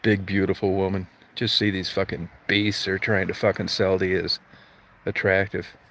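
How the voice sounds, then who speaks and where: A man's voice: sits low, level tone, moderate pace, gravelly, sharp tone. Crude, swearing man ranting on a livestream. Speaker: livestream host. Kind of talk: profane comedic rant.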